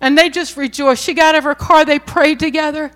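A middle-aged woman preaching a sermon, telling a story earnestly and voicing the quoted words softly. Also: sits high, steady tone, brisk.

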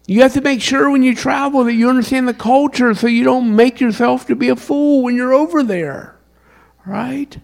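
A male pastor from South Carolina delivers a sermon in a Southern US accent. His voice sits a little high for a man, and he moves between loud, driving lines and low, quiet ones as he preaches. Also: vocal fry. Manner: preaching with wide swings in pitch and loudness.

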